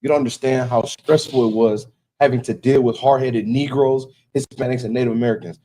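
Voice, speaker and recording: A man with a dark, mellow voice preaches at a quick clip. He talks with emphasis, presses his warnings home, and keeps checking that his listener follows. Faint noise sits behind him. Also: mid-range voice, fairly even intonation. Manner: emphatic, warning tone, keeps asking "you know what I'm saying". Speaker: religious teacher. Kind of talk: preaching in casual talk.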